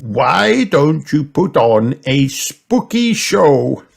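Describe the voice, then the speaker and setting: A jolly old grandfather pig, played by a man in a storybook reading. He sounds hearty and playful, slightly lifted in pitch, and lingers slowly over each word. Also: big pitch swings, vocal fry, full character voice.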